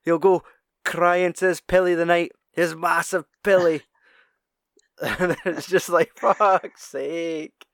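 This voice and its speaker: A man's voice: high voice, level tone, takes it slowly, fairly bright tone, clear, resonant tone, no echo, studio quality. A young man in casual chat, swearing often, laughing and acting out film quotes.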